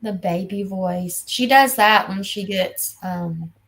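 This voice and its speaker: A woman's voice: medium pitch, slow, fairly bright tone, poor audio. A woman in her fifties hosting a casual livestream chat, talking bluntly and scolding emphatically. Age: 50s. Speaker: livestream host.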